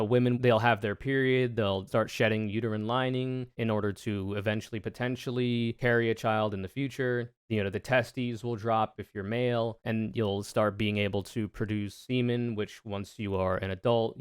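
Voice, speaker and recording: A man streaming casual reaction commentary, sarcastic and profane, ranting with animated energy. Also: lowish voice, moderate pace, hardly any pauses, clean tone, no room sound, studio quality. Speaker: streamer reacting to debate clips.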